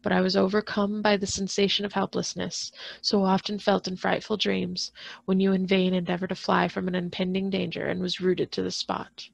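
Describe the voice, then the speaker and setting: A woman librarian reading a classic novel aloud in a steady manner, occasionally restarting on hard words. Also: medium pitch, moderate pace, gravelly, no room sound. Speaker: school librarian.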